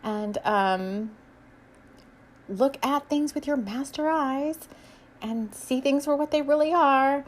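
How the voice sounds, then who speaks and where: A woman with a fairly high voice reads her own romance novel aloud in a soft, even way. Between passages she muses, hesitates and laughs lightly as she offers a spiritual message. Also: slow pace, a little hiss or hum. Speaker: author and spiritual reader.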